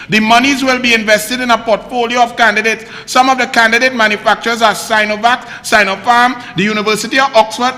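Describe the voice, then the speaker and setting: Trinidadian male host, sharp bright tone, mocking political rant, long room reverb. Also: extremely high pitch. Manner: mocking, rapid-fire rhetorical questions in dialect. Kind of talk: heated political commentary.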